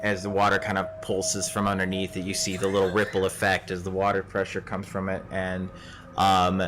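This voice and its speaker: A man with a fairly low voice runs a tabletop game, talking in a relaxed, rambling way. He scatters fillers through his narration and drifts easily between the scene and asides to the players. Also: normal speed, noisy background. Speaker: game master.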